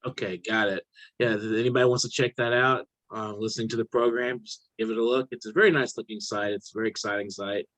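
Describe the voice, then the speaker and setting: Low-voiced male host, dry sound. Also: fairly even intonation, fast talker, fairly bright tone, dry recording, low-quality recording. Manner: hesitant, many fillers. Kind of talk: interview.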